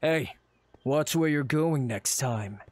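A man voicing a suspicious young guard in a low, forced gruff voice, stern and formal. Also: slow, dry recording.

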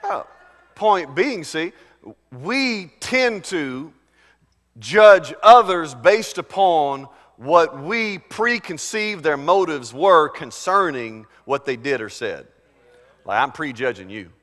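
A man's voice: fairly high pitch, expressive, slow pace. Preaching man in a reverberant hall. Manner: swings from loud preaching to quiet storytelling. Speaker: pastor. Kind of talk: sermon.

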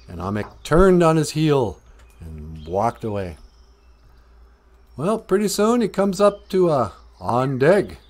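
A man telling a folk tale outdoors in a relaxed, conversational way. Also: fairly low pitch, moderate pace. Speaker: storyteller. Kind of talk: casual oral storytelling.

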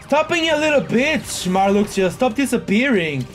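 Excitable man yelling through a boss fight. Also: very high voice, moderate pace. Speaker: gaming video host. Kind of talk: live gameplay commentary. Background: faint game music.

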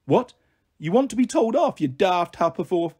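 A man's voice: sits high, animated, normal speed, a little mellow, husky. A man voicing a cheerful young mother who teases and mock-scolds her daughters in a storybook reading. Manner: teasing, affectionate scolding.

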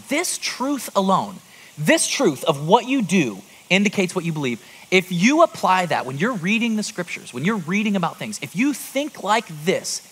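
30s guy preaching in a church, chatty sermon, high voice that jumps around a lot. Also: husky. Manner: lively, conversational preaching with rhetorical asides. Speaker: pastor. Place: church auditorium before a congregation.

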